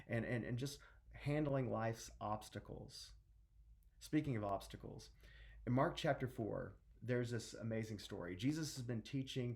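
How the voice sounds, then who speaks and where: A middle-aged minister preaches in a loose, conversational way, with restarts and acted-out quotes along the way. His voice has a gravelly, creaky grain at an average male pitch. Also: a little mellow. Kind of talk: sermon.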